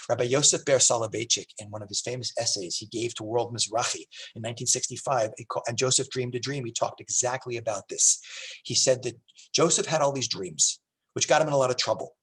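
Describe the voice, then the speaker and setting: A middle-aged man lectures as a rabbi in a synagogue, his voice slightly husky and breathy. He talks conversationally, often restarting sentences, and gets animated when telling stories. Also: mid-range voice. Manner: animated storytelling with many restarts.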